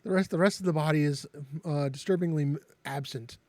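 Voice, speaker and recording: A man narrating as game master for a tabletop game, halting with many fillers and restarts. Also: fairly high pitch, darkish tone, dry recording.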